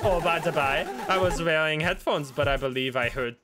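A man's voice: a little high, moderate pace, pitched below the performer's own voice, natural voice. A fussy, overly polite hotel clerk who serves the afterlife, as a man reads him out. The delivery is prim and formal. Game music plays behind him.

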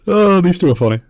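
A man's voice: high voice, no echo. A man giving casual, amused running commentary while reacting to an anime episode, laughing often.

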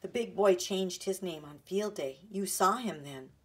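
A calm, kindly country doctor from a storybook, voiced by a woman reading aloud. He speaks quietly and steadily, with a slightly husky tone. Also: on the low side, unhurried.

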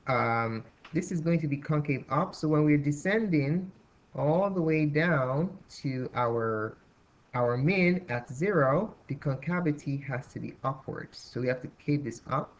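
A man's voice: on the high side, expressive, a little slow. A man teaching a calculus lesson at a whiteboard, thinking aloud with restarts and fillers. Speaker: math teacher. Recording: dull lo-fi recording.

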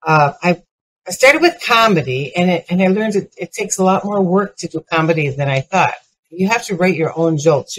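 A deep-voiced older woman gives a keynote built on humorous personal stories, each one leading up to a punchline. She tells them in a lively way with many restarts, and the audio is poor.

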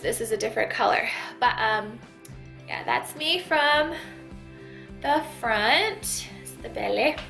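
A woman's voice: on the high side, gravelly, a bit bright. A young woman vlogging in a casual chat to camera, stuffy and out of breath, talking with lots of fillers. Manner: chatty, many fillers and likes.

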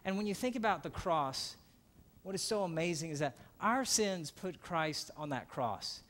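A man's voice: on the high side, lively intonation, normal speed. Earnest male pastor preaching. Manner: earnest, swings from emphatic to hushed. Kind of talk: sermon.

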